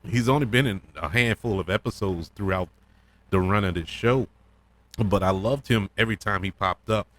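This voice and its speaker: A man hosting a casual solo review podcast, talking in an excitable, rambling way with plenty of fillers and restarts. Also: on the low side, moderate pace. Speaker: podcast host reviewing a TV episode.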